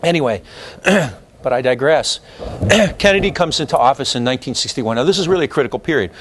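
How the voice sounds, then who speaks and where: A man giving a university history lecture in an animated, opinionated, conversational way, full of fillers and restarts. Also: mid-range voice, brisk, a little hiss or hum. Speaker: history professor. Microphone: lecture hall recording.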